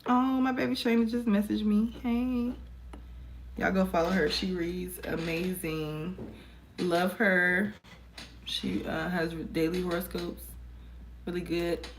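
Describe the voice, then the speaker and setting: A woman's voice: fairly low pitch, level tone, slow, a little hiss or hum. Chatty woman reading tarot cards. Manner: chatty, encouraging, addresses viewers as y'all. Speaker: tarot reader. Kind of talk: casual tarot reading to viewers. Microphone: phone camera.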